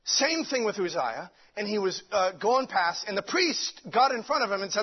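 A man's voice: sits high, very animated, moderate pace, few pauses, breathy edge. A man preaching a sermon with fervent delivery, stumbling over restarts and many fillers. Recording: dull lo-fi recording.

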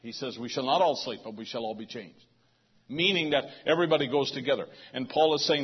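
A man's voice: medium pitch, fairly quick, husky. A man preaching a sermon to a congregation in a loose, conversational way, often restarting his phrases. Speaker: pastor. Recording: dull lo-fi sound.

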